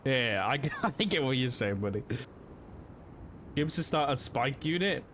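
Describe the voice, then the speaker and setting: A young man streams a police roleplay game, chatting casually and rambling with plenty of fillers and frequent "like." His mid-range voice is animated, unhurried and a bit bright, with slight background noise.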